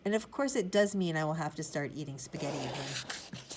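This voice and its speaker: A woman narrating a children's chapter book in the first person, rambling in a chatty, childlike way. Her voice sits on the low side. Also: lively intonation, a little fast, noisy background. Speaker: audiobook narrator.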